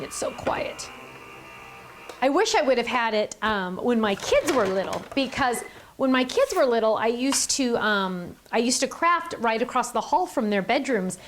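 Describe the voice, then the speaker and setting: A woman's voice: a little high, a little hiss or hum. A middle-aged woman hosting a card-making tutorial, chatty and enthusiastic, gushing over her supplies. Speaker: craft video host.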